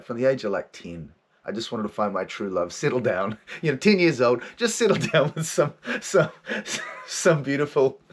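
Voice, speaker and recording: Candid, swearing man with a husky voice. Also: lowish voice. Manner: candid, swears often, laughs while talking. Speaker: podcast host and therapist. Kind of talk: casual personal monologue.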